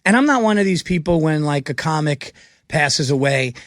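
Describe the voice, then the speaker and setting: A man, a comedian guest on a radio show, telling a story with lots of laughter and excitement. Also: on the high side, normal speed, no room sound, clean studio sound. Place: radio studio. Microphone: studio microphone.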